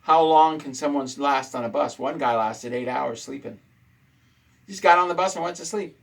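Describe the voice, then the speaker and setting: A man's voice: a little high, moderate pace, gravelly, a bit bright, poor audio. A man hosting a casual talk show, ranting indignantly and repeating his points for emphasis. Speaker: host.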